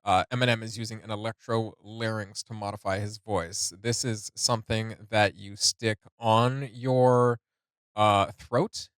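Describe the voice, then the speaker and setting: A man's voice: on the low side, steady tone, measured pace, a bit bright, clear, resonant tone, dry recording, studio quality. A man hosting a music reaction video, talking casually, laughing often and reading notes aloud with lots of fillers.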